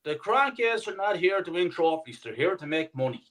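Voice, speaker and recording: A man's voice: high voice, big pitch swings, normal speed, a bit bright, rough recording. A man talking as a guest on a fan podcast, indignant and sweary, with emphatic points. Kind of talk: podcast discussion.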